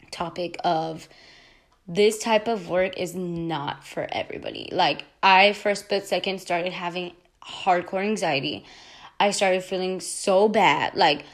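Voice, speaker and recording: A young woman hosting a podcast, telling a casual storytime with lots of fillers and restarts. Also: medium pitch. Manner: rambling, many "like" fillers and self-corrections. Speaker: podcast host.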